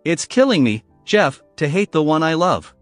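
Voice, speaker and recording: A man's voice: a little high, very animated, normal speed, no echo, faint music behind. A man narrating a story and voicing a remorseful, tearful man pleading with his old friend, in an earnest, choked way.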